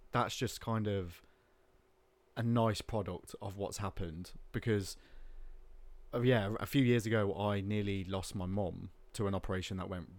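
A man, a podcast guest talking candidly and rambling, with plenty of filler words. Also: fairly low pitch. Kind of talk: casual chat.

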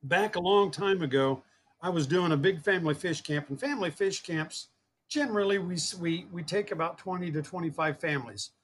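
A man with a slightly raised pitch tells a long personal story in an interview. He speaks earnestly, doubling back on his words and acting out the voices of the people in it. A faint ambient hum sits under the recording. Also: fairly bright tone. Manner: earnest, repeats words, acts out quoted dialogue. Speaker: guest, fishing program founder.

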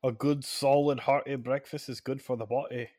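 A man's voice: medium pitch, steady tone, moderate pace, darkish tone, no room sound, clean studio sound. Hearty, fatherly man player. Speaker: player voicing Damian. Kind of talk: tabletop role-play.

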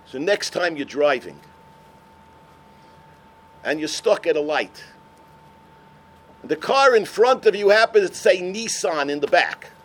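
An older man, a rabbi, telling stories in a sermon, swinging from shouts to hushed words. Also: on the high side, a little hiss or hum. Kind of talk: sermon storytelling.

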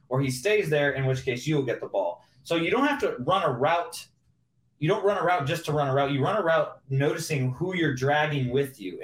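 A man, a former pro football receiver, chatting casually as a guest and acting out old locker-room talks while he explains plays. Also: medium pitch. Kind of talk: casual sports chat. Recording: roomy echo.

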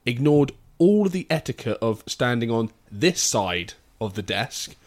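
A man in an easy, rambling chat, telling stories with plenty of swearing. His voice sits at an ordinary middle pitch, and he laughs easily as he goes along. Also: sing-song, measured pace. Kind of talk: casual chat.

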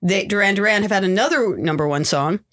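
A woman's voice: mid-range voice, fast talker, fairly bright tone. A woman hosts a casual music podcast with plenty of enthusiasm. She laughs often and keeps the talk moving between guests. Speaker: podcast host.

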